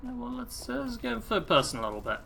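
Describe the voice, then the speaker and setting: A man's voice: very high-pitched, sing-song, fast talker, gravelly, bright, forceful tone, husky, faint music behind. A young man with an English accent that drifts between posh and street, chatting through a live game stream, reading out chat messages and laughing easily. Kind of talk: live gameplay commentary.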